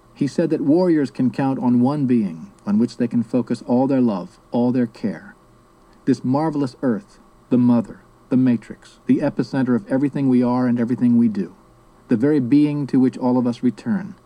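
A man reading a memoir-style story as narrator, in a measured, reflective way. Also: medium pitch, mellow, low-quality recording. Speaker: audiobook narrator. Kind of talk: scripted narration.

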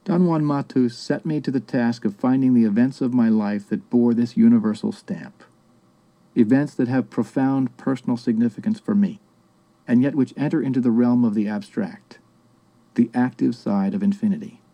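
Guy reading an audiobook in first person, calm and reflective, deep dark warm tone. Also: normal speed. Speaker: audiobook narrator.

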